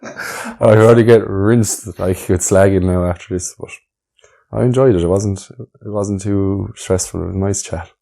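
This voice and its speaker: A man's voice: sits low, steady tone, normal speed, vocal fry, dark tone. A young Irish man, a podcast guest in a laid-back casual chat, often trailing off mid-sentence. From Ireland.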